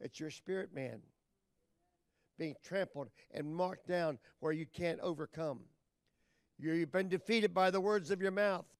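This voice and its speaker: A man preaching a sermon as pastor, talking folksy and plain with loud emphatic bursts. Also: sits high, unhurried, clear, resonant tone, dry recording.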